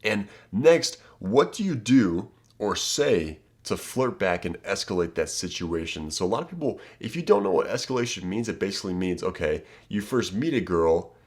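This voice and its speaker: Low-voiced man giving casual dating advice. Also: expressive, moderate pace, few pauses. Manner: emphatic, casual, repeats "okay?" and "right?". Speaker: dating coach. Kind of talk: direct-to-camera advice talk.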